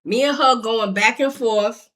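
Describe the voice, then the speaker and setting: A woman telling a story straight to her viewers, acting out the other voices, swinging from low mutters to loud outbursts and laughing as she goes. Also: unhurried. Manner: laughs while telling, addresses viewers directly. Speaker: storyteller vlogger. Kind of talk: animated storytime vlog.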